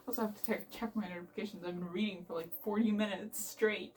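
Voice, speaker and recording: A young woman book vlogger chatting casually from her bed, gushing excitedly about a book with lots of fillers. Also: medium pitch, brisk, few pauses. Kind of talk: casual reading vlog chat. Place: bedroom reading nook. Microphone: phone camera. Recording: voice from a distance.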